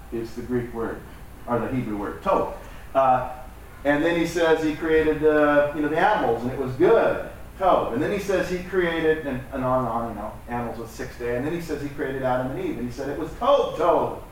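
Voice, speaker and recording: A man's voice: mid-range voice, lively intonation, normal speed, slight background noise. Echoey man preaching from afar. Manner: conversational, joking, acts out quoted voices. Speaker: pastor. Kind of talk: sermon. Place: church hall. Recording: echoey hall from far off with faint ambience.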